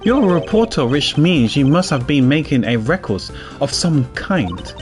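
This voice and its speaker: A man's voice: a little high, sing-song, moderate pace, darkish tone, faint music behind. A man voicing a cool, formal and proud male prosecutor in a pompous manner.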